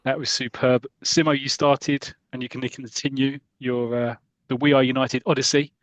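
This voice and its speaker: A man's voice: mid-range voice, little pitch movement, normal speed, dry recording. A man hosting a podcast in casual chat, hesitant and introducing segments. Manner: hesitant, many fillers and restarts, introducing clips. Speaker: podcast host.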